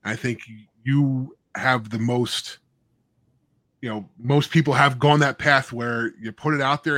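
A man's voice: mid-range voice, steady tone, moderate pace, a bit bright, no echo. A man co-hosting a casual podcast, rambling with many restarts. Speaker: podcast co-host.

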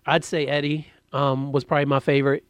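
A man's voice: medium pitch, monotone, clear, resonant tone, dry recording. Laid-back man with a dry sound. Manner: laid-back, chimes in with quick agreement. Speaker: podcast co-host. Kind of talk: casual chat.

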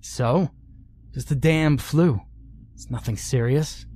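Male reader as a defiant cursing patient; gruff, mellow-dark, unhurried. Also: mid-range voice, soft background music, pitched above the performer's own voice. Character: sick, defiant young man, cursing.

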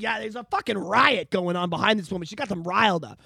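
High-voiced ranting podcast host, a man. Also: fast, vocal fry, hardly any pauses, bright, forceful tone, husky. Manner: ranting, heavily profane, emphatic. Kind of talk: casual podcast chat.

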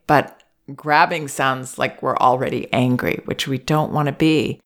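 A woman with a notably low voice talks through parenting advice. Her delivery is calm and measured. Now and then she gently voices what a parent or child might say. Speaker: parenting advisor.

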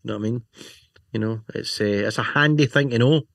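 A man's voice: medium pitch, quick pace, creaky, a bit bright, no room sound, clean studio sound. A man co-hosting a casual chat, rambling and joking, often asking "right?". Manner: jokey, rambling, lots of "you know" and "right?". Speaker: podcast co-host. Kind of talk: casual chat about motorcycle gear.

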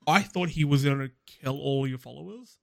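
A man's voice: mid-range voice, normal speed, gravelly. A man co-hosting a casual gaming podcast, making dry, wry jokes. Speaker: podcast co-host.

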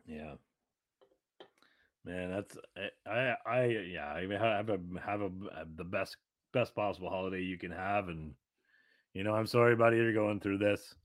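A man's voice: sits low, moderate pace. A man co-hosting a podcast in casual, rambling, jokey chat, slipping into silly voices when he tells stories. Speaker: podcast co-host.

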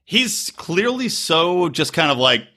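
Bright husky-voiced podcast man. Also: a little high, sing-song, takes it slowly. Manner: emphatic, crude, fond of mock voices. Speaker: podcast co-host. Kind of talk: casual chat.

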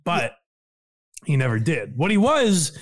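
A man co-hosting a casual comedy podcast, talking in an animated way, laughing often and quoting people in voices. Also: a little high, a little slow. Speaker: podcast co-host.

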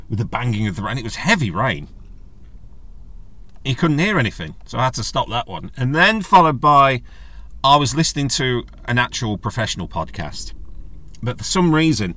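A man hosting a casual solo podcast, chatty and jokey, rambling from one aside to the next. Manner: rambling, chatty and jokey, with animated pitch jumps. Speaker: podcast host.

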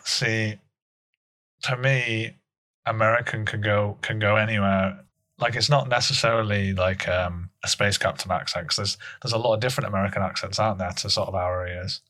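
A man co-hosting a comedy podcast, with deadpan, mock-serious banter. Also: on the low side, normal speed. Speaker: podcast co-host.

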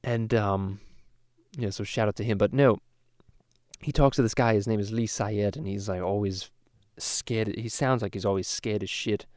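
In a casual parody podcast, a male host plays a crude cartoon baby boy, rambling through stories with heavy swearing and many restarts. His lowish, slightly mellow voice has fairly even intonation at a moderate pace, close to everyday speech, recorded dry and clean in a studio.

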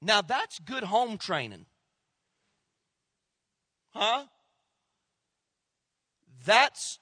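A middle-aged male pastor telling a story in a sermon, acting out the people he quotes and dropping to a hush at tense moments. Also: high voice, no room sound, studio quality. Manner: animated storyteller, acts out quoted voices, drops to hushed tones.

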